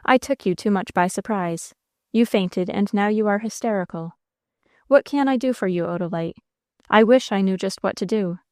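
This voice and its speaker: A woman's voice: mid-range voice, moderate pace, a little mellow, no room sound, studio quality, close to an everyday voice. A woman voicing an ardent, devoted young man, speaking in a pleading, emphatic way in a storybook reading. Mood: coaxing.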